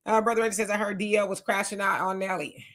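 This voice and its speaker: A woman hosting a casual live commentary, reading viewer comments aloud and reacting in an outspoken, animated way. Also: medium pitch, quick pace.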